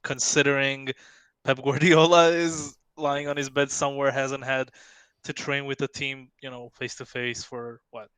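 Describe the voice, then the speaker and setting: A man calling into a fan stream to share his match verdict with keen, opinionated enthusiasm. His voice is smooth and clear, recorded dry and close. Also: mid-range voice, flat delivery, unhurried, fairly bright tone, no room sound. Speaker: guest fan. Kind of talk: casual match analysis.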